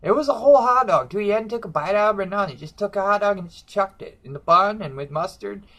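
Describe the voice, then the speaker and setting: A man's voice: sits high, expressive, fast talker, fairly bright tone. Man, comic book reviewer, casual rant, brash, cusses a lot, mocking.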